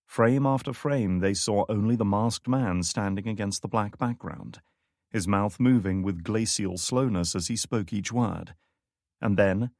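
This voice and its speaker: A man narrating a thriller audiobook in a measured, steady read. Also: fairly low pitch, no room sound, studio quality. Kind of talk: scripted narration.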